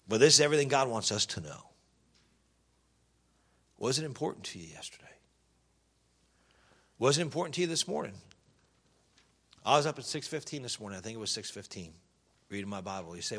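A man preaching a sermon as pastor, swinging from loud exhortation to quiet earnest asides and acting out objections from the pews. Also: big pitch swings, normal speed, long pauses. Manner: acts out congregation objections in a higher voice.

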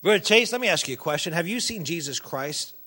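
A man preaching a sermon as pastor, swinging from loud exhortation to quiet earnest asides and acting out objections from the pews. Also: animated, fast talker. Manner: acts out congregation objections in a higher voice.

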